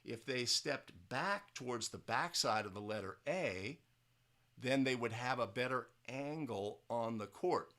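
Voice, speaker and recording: Going at a measured pace, this animated instructor breaks down officiating clips from basketball games in a laid-back manner. His voice is bright, strong and mid-range, and he habitually checks in with "right?" while restarting many sentences partway.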